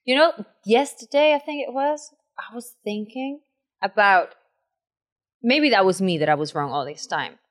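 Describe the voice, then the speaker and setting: A young woman co-hosting a podcast, chatting in a relaxed, thoughtful way and laughing easily. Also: mid-range voice, normal speed. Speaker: podcast co-host. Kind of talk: casual chat.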